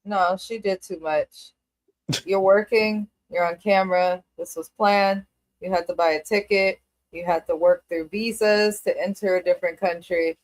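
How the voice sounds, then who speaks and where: A woman's voice: on the low side, fairly even intonation, moderate pace. A woman co-hosting a casual reality TV recap, giving her opinions in an emphatic, blunt way. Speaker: co-host.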